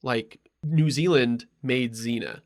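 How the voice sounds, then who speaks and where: A man's voice: mid-range voice, slow. A man hosting a podcast, telling a rambling story in casual chat, full of ums and asides. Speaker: podcast host.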